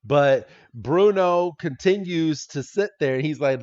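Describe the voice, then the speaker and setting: A man's voice: a little high, animated, a little slow, darkish tone, muffled recording. A man co-hosting a podcast, recapping a cartoon episode in a rambling, casual way, with frequent swearing and laughter. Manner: rambling, swears, laughs often, quotes characters in voices. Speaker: podcast co-host.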